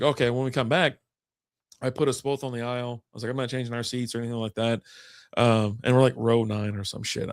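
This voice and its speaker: A man's voice: mid-range voice, dry recording, studio quality. A man co-hosting a casual chat, telling a long story in a rambling, profane way and acting out what people said. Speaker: podcast co-host.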